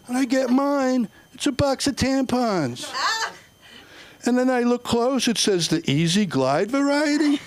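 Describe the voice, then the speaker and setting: A middle-aged man does stand-up at an open mic. His voice sits a little high, and he delivers his jokes deadpan, slipping into other voices for quoted lines. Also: measured pace, noisy background. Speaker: stand-up comic. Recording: comedy club, audience laughter.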